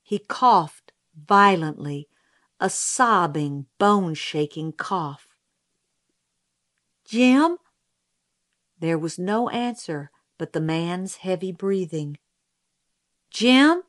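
A woman narrating an audiobook in a measured, steady storytelling manner. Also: lowish voice.

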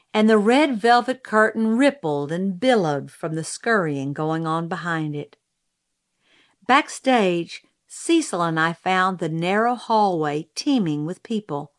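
A woman narrates a story in a measured, steady reading voice. Her pitch sits in the middle of the range, and she takes her time over each line. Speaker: audiobook narrator.

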